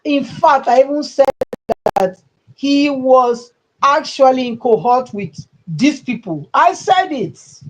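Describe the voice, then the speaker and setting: On her livestream, a channel host with a Nigerian English accent offers rambling, emphatic political commentary tinged with mockery. Her voice is high and animated but slow, and the poor audio carries a little hiss or hum.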